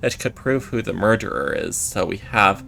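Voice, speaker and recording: A man reading the lines of a calm, decisive male cat detective. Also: on the low side, moderate pace, gravelly, soft background music, full character voice.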